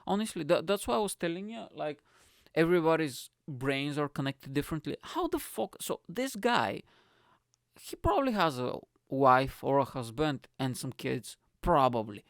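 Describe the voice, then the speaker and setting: Gravelly, profane podcast host ranting. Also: male voice, on the high side, lively intonation, normal speed, a bit bright, dry recording, clean studio sound. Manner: profane, rambling, blunt. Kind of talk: casual solo podcast rant.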